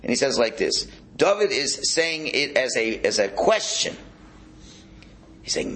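A man teaching a Torah class in a casual, questioning way, who goes up in pitch when he stresses a point. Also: very animated, a little slow, a bit bright, low-quality recording. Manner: casual, with many restarts and rhetorical questions. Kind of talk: teaching a Bible class, explaining commentaries.

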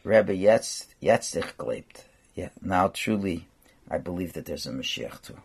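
A man's voice: on the low side, expressive, measured pace, creaky, breathy edge, heavily acted. A man quoting a secular doctor who speaks hesitantly and apologetically, in a subdued tone. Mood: apologetic. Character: secular male doctor, humbled and moved.

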